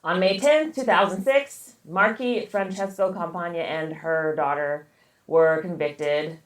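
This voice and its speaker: Low-voiced woman casually telling a story. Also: unhurried, reverberant. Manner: casual, profane storytelling with many fillers. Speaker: podcast co-host. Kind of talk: casual chat.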